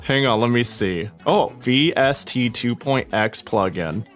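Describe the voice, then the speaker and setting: A man's voice: medium pitch, expressive, measured pace, hardly any pauses, a bit bright, faint music behind. A man streaming live, chatting casually and rambling with many restarts and swearing, slightly out of breath. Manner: rambling, self-interrupting, swears freely.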